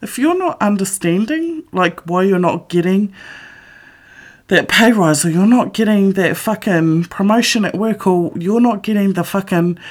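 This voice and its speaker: A woman's voice: mid-range voice, a little slow, darkish tone. A middle-aged woman and author giving a blunt, emphatic motivational monologue full of swearing. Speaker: author and vlogger.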